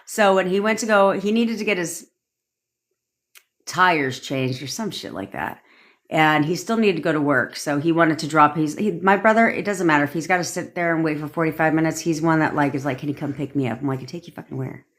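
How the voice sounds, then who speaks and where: A manifestation coach tells a story in a casual live-stream rant, her voice low and a little fast. She swears freely and repeats points for emphasis.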